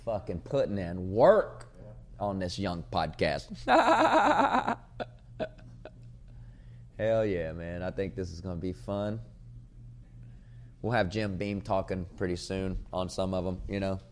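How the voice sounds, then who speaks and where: A man hosting his own podcast as a comedian, rambling in a profane, casual way and sometimes breaking into loud shouting. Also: sits low, a little slow. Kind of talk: casual chat.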